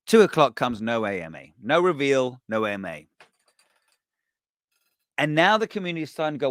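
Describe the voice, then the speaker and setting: A man hosting a podcast, telling a story in a casual, animated way, swearing and acting out what people said. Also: medium pitch, fairly quick, no room sound, studio quality. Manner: animated, swearing, acts out quoted voices. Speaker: podcast host.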